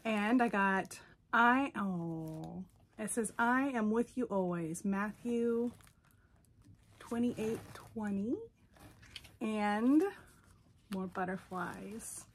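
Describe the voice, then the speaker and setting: A woman's voice: medium pitch, drawn-out words, pauses often, a little hiss or hum. A woman vlogger chatting casually through a box opening, gushing and sentimental. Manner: gushing, sentimental, easily moved. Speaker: doll collector vlogger.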